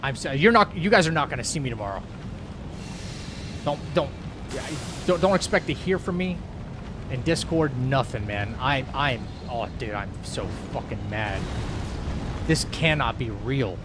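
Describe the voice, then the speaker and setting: A man's voice: mid-range voice, animated, moderate pace, pauses often, music in the background. A man streaming a game live, commentating to his chat in an exasperated way and swearing a lot.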